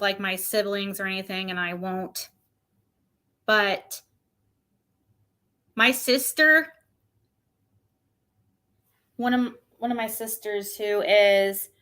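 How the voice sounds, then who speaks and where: A woman's voice: mid-range voice, pushed and bright. A woman streamer chatting casually to her viewers, rambling, with many restarts. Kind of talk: casual chat.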